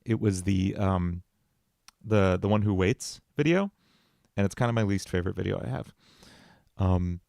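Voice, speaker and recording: Low gravelly man chatting on a livestream. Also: darkish tone, no echo, clean studio sound. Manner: thinking aloud with fillers, answering chat. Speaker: musician and livestream host. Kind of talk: casual livestream songwriting chat. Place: home studio.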